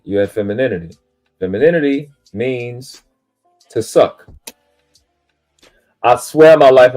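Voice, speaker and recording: Deep-voiced man preaching on a live stream. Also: dark tone. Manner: preachy, emphatic, swears casually; self-aggrandizing, spiritual teaching tone. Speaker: panel speaker on a live stream. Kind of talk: live stream monologue, lecturing.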